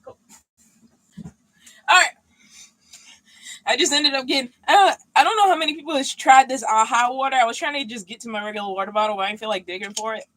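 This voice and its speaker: Chatty woman with a slightly high voice. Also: quick pace, pauses often, a bit bright, no room sound, poor audio. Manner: easygoing, chatty, loose and unscripted. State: mentally worn out. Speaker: vanlife vlogger hosting a livestream. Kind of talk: casual livestream chat. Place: inside a box truck she lives in. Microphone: streaming mic, at times leaning away from it.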